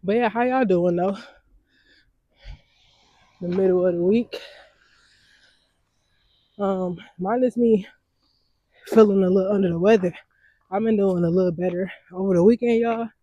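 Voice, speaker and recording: Young female vlogger, slightly raspy, chatty and easygoing, talking to her viewers through a worn mic. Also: mid-range voice, measured pace, long pauses, warm tone, highs cut off. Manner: chatty and easygoing, laughs often, calls viewers y'all. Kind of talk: casual vlog chat to viewers. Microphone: wearing mics while walking.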